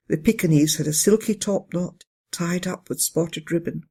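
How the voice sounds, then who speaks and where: A storyteller reading a children's bedtime story in a gentle, steady way. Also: mid-range voice, normal speed, husky. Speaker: narrator.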